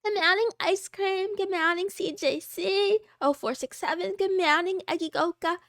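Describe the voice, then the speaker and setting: A woman live streamer chatting casually and greeting her chat, giggly and excitable. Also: extremely high pitch, normal speed, no echo, studio quality.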